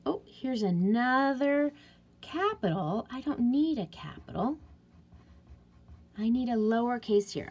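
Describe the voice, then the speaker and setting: A woman teacher walks young children through editing a story. Her voice swoops up and down in a lively, sing-song way, and she takes her time, talking slowly and patiently as she thinks aloud. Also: mid-range voice, breathy edge. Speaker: elementary school teacher. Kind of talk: classroom writing lesson for young children.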